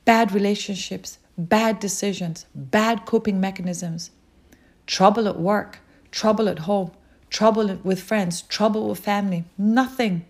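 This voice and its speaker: A woman preaching a sermon, urging listeners with slow, repeated calls. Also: medium pitch, fairly even intonation, a little mellow. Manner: slow, repetitive exhortation.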